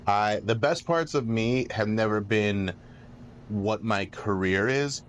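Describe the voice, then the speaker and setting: A man's voice: fairly low pitch, slight background noise. A man, a radio host and comedian, chatting casually on a podcast and restarting his sentences often. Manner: rambling, repeats words when starting sentences.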